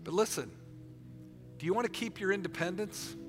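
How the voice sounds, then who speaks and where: Animated preaching man, fairly high voice. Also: moderate pace, music in the background. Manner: animated, repetitive, tells stories. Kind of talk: sermon.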